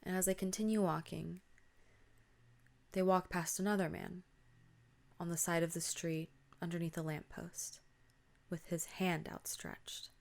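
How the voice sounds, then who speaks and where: Podcast host, female, lowish voice, chatty spooky storyteller who whispers at the scary bits. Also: gravelly. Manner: chatty, drops to a whisper at tense moments. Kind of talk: casual spooky story retelling.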